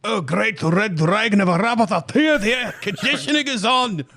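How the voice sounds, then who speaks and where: A man's voice: sits high, expressive, normal speed, sharp tone, pitched above the performer's own voice, exaggerated voice. A man putting on an exaggerated mock Scottish accent, playing a blustering Scotsman in a sing-song, rolling voice.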